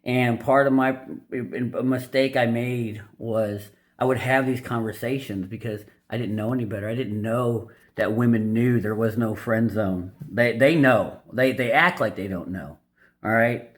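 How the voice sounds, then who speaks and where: Speaking unhurriedly in a mid-range voice, a male video host runs through a dating-advice book off the cuff. His take is blunt and opinionated, and he rambles, full of fillers and restarts.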